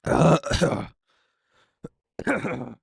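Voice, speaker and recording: A man's voice: on the high side, sing-song, very slow, creaky, breathy edge, no echo, studio quality. A man streaming a game while eating painfully spicy wings, sweating, teary and groaning in exasperation as he keeps commenting. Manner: groaning and exasperated, talks through suffering. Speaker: gaming content creator. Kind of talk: casual gameplay commentary.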